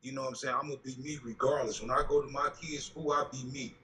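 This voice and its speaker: A man's voice: mid-range voice, fairly even intonation, quick pace, roomy sound, far from the mic. A man on a discussion panel, talking bluntly and profanely and often raising his voice. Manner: profane, blunt, emphatic, rants loudly. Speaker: panel member.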